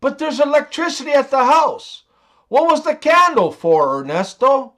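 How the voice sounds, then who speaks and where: A man's voice: extremely high pitch, animated, normal speed, pushed and bright, pitched above the performer's own voice, heavily acted. A man voicing a wealthy estate owner who grows more indignant with each answer. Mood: outraged. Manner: indignant, exclaiming. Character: rich male estate owner, easily outraged.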